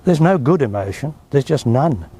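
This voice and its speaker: Australian guy teaching, blunt and emphatic, warm low-key tone. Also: expressive, normal speed, slightly rough. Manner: emphatic, blunt, dismissive of objections. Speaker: spiritual teacher. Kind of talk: interview answers, teaching.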